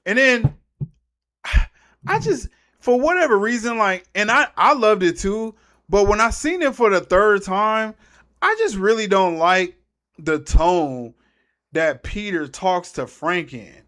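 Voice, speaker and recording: A man's voice: high-pitched, lively intonation, takes it slowly, a bit bright. A man giving a casual, rambling movie recap as a YouTuber, slangy and trailing off mid-thought.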